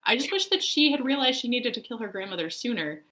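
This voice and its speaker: Bright-voiced woman in casual chat. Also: a little high, fast, low-quality recording. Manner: animated, frank, swears freely. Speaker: book club podcast co-host.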